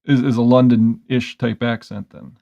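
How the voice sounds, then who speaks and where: A man's voice: medium pitch, steady tone, moderate pace, creaky, mellow, highs cut off. A man in casual conversation, curious and asking questions, often restarting his sentences. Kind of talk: casual chat.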